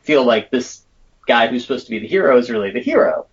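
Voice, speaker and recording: A man's voice: mid-range voice, lively intonation, quick pace, breathy edge, dull audio. A man co-hosting a casual movie podcast, rambling and thoughtful, with lots of fillers. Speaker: podcast co-host.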